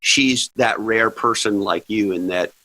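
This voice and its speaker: Podcast host guy, lowish voice, blunt and jokey, dry close mic. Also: a little slow, bright, forceful tone, no room sound, low-quality recording. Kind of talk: casual interview chat.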